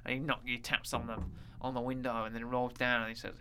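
A man's voice: medium pitch, flat delivery, fast talker, bright, forceful tone, smooth. A man co-hosting a casual chat, rambling and joking with many fillers. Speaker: podcast co-host.

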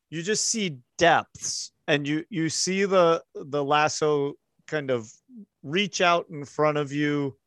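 A man running a tabletop game as game master, narrating the scene in a measured, unhurried way. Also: on the high side, a bit bright, clean tone, no echo.

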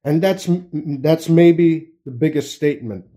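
Young male commentator, rambling and giggly, mellow tone, slightly raised pitch. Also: measured pace. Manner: rambling, laughing, many fillers and restarts. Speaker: political commentator. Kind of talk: casual political rant.

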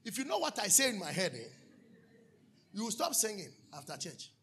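A man preaching a sermon as pastor, swinging from sudden shouts to hushed asides. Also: high voice, wildly swooping pitch, brisk, a little hiss or hum.

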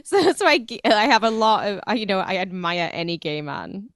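A woman's voice: mid-range voice, animated, a little fast, a bit bright, no room sound, clean studio sound. A woman co-hosting a podcast, chatting crudely and outspokenly with frequent giggles. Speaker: podcast co-host. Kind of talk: crude casual chat.

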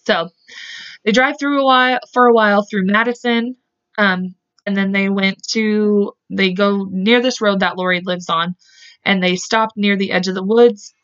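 A woman's voice: mid-range voice, fairly even intonation, normal speed, fairly bright tone, clean tone. A woman hosting a podcast, casually recounting a true-crime case, rambling and correcting herself, swearing freely. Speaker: podcast host. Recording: dull lo-fi podcast audio.

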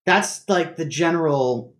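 A man's voice: on the high side, measured pace, fairly bright tone. A laughing, rambling man on a call. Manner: rambling, laughs often, swears casually. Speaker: podcast co-host. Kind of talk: casual chat. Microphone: video call.

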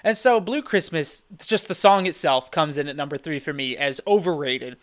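A man co-hosting a podcast, rambling in animated, loose chat with lots of restarts. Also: a little high, normal speed. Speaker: podcast co-host. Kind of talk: casual chat.

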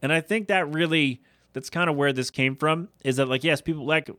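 A man's voice: fairly high pitch, brisk, a bit bright, no echo, clean studio sound. A man hosting his own podcast, ranting in a rambling, exasperated way with incredulous outbursts. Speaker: podcast host. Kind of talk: solo podcast rant.

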